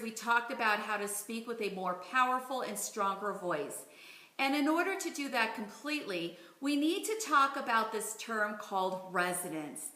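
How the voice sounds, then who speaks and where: A woman in her forties teaches like a speech coach, clear and deliberate. Her voice is bright and sits a little high. The room around her rings with echo. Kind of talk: instructional video lesson. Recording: roomy echo.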